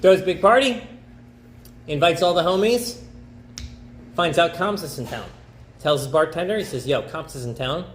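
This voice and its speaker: A male rabbi with a high, animated voice tells a story as a casual, chatty lesson at normal speed, pausing often. He uses slang and says "okay?" a lot. The recording has an echoey room sound with faint background noise.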